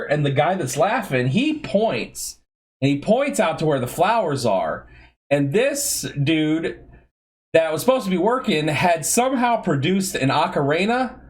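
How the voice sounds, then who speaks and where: A man on a podcast telling a funny story about an old job in a casual, animated way, acting out the quotes. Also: on the high side. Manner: animated, laughing, acts out quotes. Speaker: podcast co-host.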